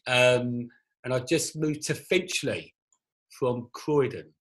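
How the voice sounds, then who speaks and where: A man's voice: mid-range voice, takes it slowly, a bit bright. A man with a London accent, chatting as a guest on a group call, joking and rambling. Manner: jokey, rambling banter. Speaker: podcast guest, actor and writer. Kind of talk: casual group chat on a call. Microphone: video call.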